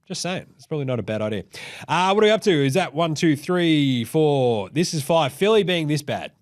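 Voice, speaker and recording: This young host from Australia sounds fairly high-pitched, animated, and a little fast. On his basketball show he chats casually about the sport, rambling, cursing, and doing silly impressions of players.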